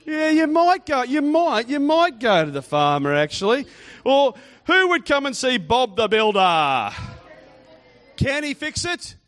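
A man's voice: extremely high pitch, very animated, unhurried, fairly bright tone. A man giving a playful children's talk in church, teasing and quizzing the kids and congregation.

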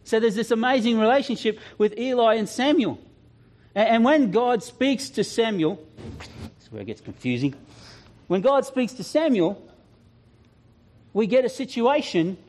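A man preaching a sermon, telling stories with animated, self-deprecating humor and acting out voices. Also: very high-pitched, normal speed, long pauses. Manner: animated, acts out quoted voices. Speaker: pastor. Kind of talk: sermon storytelling.

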